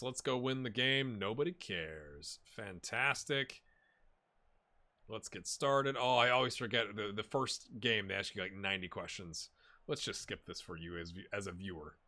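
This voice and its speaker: Male gaming YouTuber, mid pitch, bright and animated, chatty and rambling, talks over his own game. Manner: chatty, rambling, bursts of excitement at goals. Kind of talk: casual let's-play commentary.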